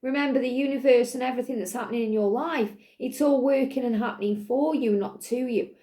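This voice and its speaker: A woman with a high, soft and mellow voice gives an earnest spiritual reading straight to her viewers. She reassures them again and again and fills her talk with "you know". Now and then she clears a slight cough from her throat. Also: fairly quick. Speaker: spiritual reader. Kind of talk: channelled tarot-style reading to viewers.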